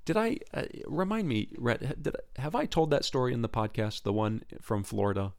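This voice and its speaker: A man hosting a Christian podcast, talking in an earnest, casual way, often repeating words and restarting, his pitch rising sharply when he gets excited. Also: normal speed, vocal fry. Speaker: podcast host.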